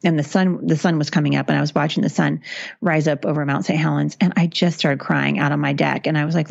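A woman's voice: low-pitched, fairly even intonation, fast talker, vocal fry, a little mellow, no room sound, highs cut off. A middle-aged woman, a guest author, talking earnestly and encouragingly in long flowing stretches. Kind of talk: casual interview chat.

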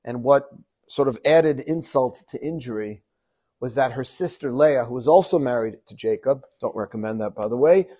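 A rabbi giving a Torah teaching, quoting Hebrew verses and translating them, with frequent rhetorical questions. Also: male voice, medium pitch, normal speed. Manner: animated, quotes Hebrew verses then translates; asks rhetorical questions to the audience.

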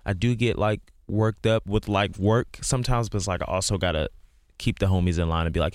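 Earnest low-voiced man talking. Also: steady tone, a little fast, no echo, studio quality. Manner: earnest, rambling, heavy use of "like". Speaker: guest musician. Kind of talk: casual podcast interview.

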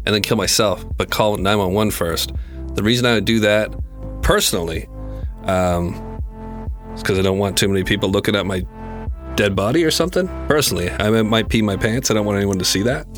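A man's voice: fairly low pitch, a little fast, soft background music. A man co-hosting a casual podcast, answering with dry, teasing banter. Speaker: podcast co-host.

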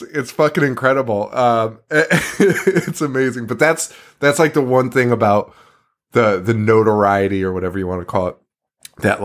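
A man's voice: mid-range voice, a bit bright. A man co-hosting a horror podcast in casual chat, rambling, with many fillers and casual swearing. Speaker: podcast co-host.

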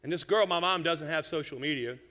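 A middle-aged man preaching a sermon, telling a humorous family story with lively, animated delivery. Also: a little high, a little fast. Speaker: senior pastor. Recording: church hall reverb.

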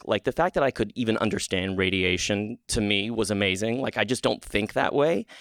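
Guy telling a personal story, gravelly voice, dry close sound, jumps way up when he quotes people. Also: no echo. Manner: animated, acts out quotes with sudden high pitch jumps.

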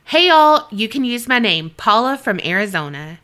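A woman co-hosts a paranormal podcast, chatting frankly and laughing easily. Her voice has a bright, forward edge. She reads listener emails aloud in a relaxed, conversational way. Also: medium pitch, moderate pace. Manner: candid, swears freely, laughs often. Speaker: podcast co-host. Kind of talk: casual chat and reading listener stories.

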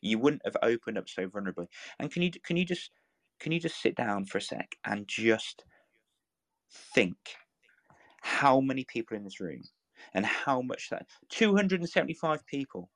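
A man's voice: mid-range voice, very animated, normal speed, dry recording. A man giving earnest, encouraging talk in a live audio room, coaxing and repeating himself as he builds his points. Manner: earnest, repetitive, coaxing, full of restarts.

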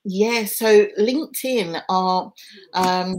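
A woman's voice: medium pitch, very slow, darkish tone, low-quality recording. A woman, speaking as an interview guest in an earnest, reflective way. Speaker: podcast guest. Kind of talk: conversational interview.

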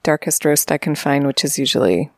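A woman co-hosting a podcast, answering questions with vivid, deliberate storytelling. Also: low voice, expressive, darkish tone, no room sound, clean studio sound. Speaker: podcast co-host.

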